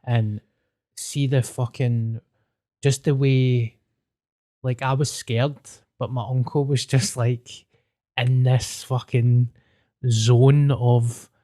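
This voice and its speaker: A Scottish man with a mellow, warm tone speaks as a guest on a podcast. He is earnest and sweary, talking plainly in casual chat, and his voice sounds close and dry. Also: mid-range voice, level tone, slow pace, long pauses, no room sound.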